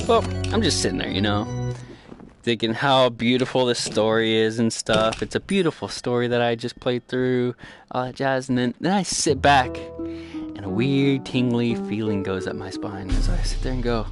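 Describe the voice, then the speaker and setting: A man casually recapping a game he played, rambling and swearing, with sudden excited high-pitched outbursts. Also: moderate pace. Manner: rambling, profane, swings into excited high exclamations. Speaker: gaming storyteller. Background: loud background music.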